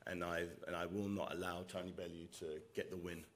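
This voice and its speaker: A boxer at a press conference, answering questions earnestly and repeating words for emphasis. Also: male voice, deep voice, flat delivery, a little fast.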